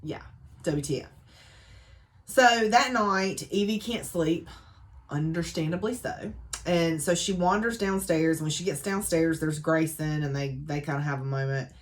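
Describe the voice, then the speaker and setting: A woman's voice: low-pitched, a little slow. Chatty woman recapping a book. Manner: chatty and expressive, with dramatic asides. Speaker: book reviewer.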